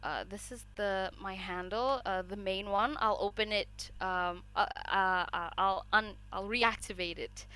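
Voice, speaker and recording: A woman taking part in a singing workshop, soft-spoken and halting with many fillers. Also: medium pitch, fairly even intonation, clean tone, poor audio. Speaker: workshop participant.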